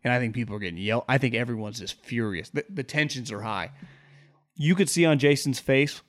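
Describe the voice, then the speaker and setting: A man co-hosting a sports podcast, telling animated, jokey stories in casual banter. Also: mid-range voice, brisk. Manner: animated storyteller, jokey asides. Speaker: sports talk podcast co-host.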